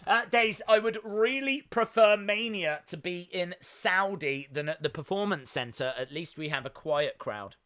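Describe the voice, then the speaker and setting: A young British man chatting away on a live watch-along, excitable and chatty. His voice sits high and bright, and he bursts into shouts when something grabs him. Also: measured pace, hardly any pauses, clean tone. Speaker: streamer.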